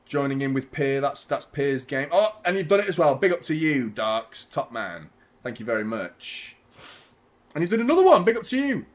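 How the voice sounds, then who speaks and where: A man hosting a live football watchalong, reacting to the match with casual chat, swearing and bursts of shouting at big chances. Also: medium pitch, very animated, moderate pace. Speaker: host of a football watchalong stream.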